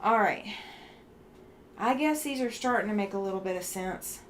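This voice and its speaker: A woman of middle pitch talks casually as she quilts on a livestream, answering her viewers in an easygoing way. Her voice stays unhurried and friendly. A faint room hum sits underneath. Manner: relaxed, chatty, reads viewer comments. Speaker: livestream host. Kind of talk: casual chat while quilting.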